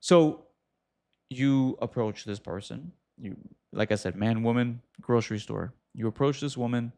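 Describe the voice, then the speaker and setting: This man hosts a casual advice show, speaking at a mid pitch with a gravelly edge. He's animated, addressing the viewer directly and tossing in quick asides.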